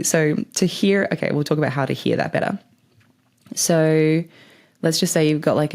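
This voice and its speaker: A woman's voice: sits low, a little mellow. A woman hosting a podcast, giving spiritual advice in a chatty, rambling way and swearing casually. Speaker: podcast host.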